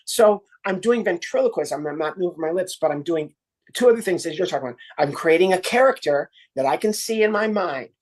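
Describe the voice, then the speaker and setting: A man's voice: sits high, fairly quick. A man in his sixties from Chicago, a ventriloquist and comedian, chatting playfully as a podcast guest. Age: 60s. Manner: playful, lively, slips into character bits. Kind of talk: casual podcast interview.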